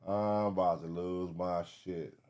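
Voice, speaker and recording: A man giving live reaction commentary, excitable, swearing and thinking aloud as he searches. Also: low voice, measured pace. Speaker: reaction streamer.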